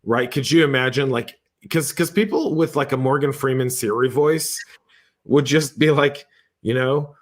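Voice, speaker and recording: A man co-hosts a tech podcast in a relaxed, casual way. He tries out phone features as he talks, often restarting his phrases and slipping in dry jokes. His voice sits at an ordinary middle pitch. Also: normal speed. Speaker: podcast co-host.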